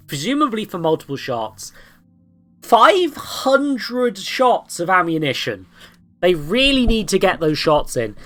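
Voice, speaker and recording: Sarcastic, lively woman streamer. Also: fairly low pitch. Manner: sarcastic, swears, greets monsters playfully. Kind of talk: casual gameplay commentary.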